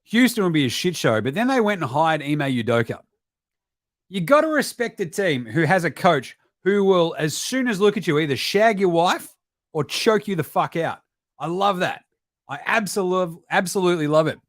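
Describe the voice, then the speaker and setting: An Australian man who hosts a basketball podcast does profane, casual live-stream commentary at normal speed, his voice sitting high. The recording is dry and close. He swears a lot, stays animated, and keeps slipping into mocking put-on voices and sudden shouts.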